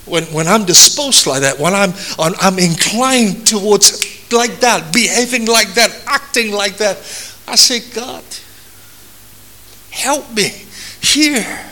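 A high, bright male voice preaching with earnest conviction. He is an older pastor who circles back on his phrases, repeating them for emphasis, and keeps turning to his listeners as folks. His tone stays sharp and ringing throughout the sermon. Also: expressive, a little slow, a little hiss or hum.

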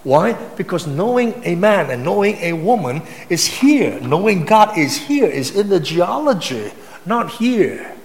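Male pastor, sermon, fairly high voice, emphatic repetition, long hall echo. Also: very animated, unhurried. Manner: emphatic preaching, rising to high-pitched intensity, with repetition.

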